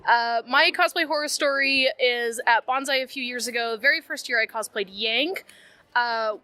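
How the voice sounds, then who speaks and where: High, bright woman telling a story. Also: moderate pace, dry recording. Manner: animated storyteller, laughs through the punchline. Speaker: guest cosplayer. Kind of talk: telling an anecdote. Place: convention floor.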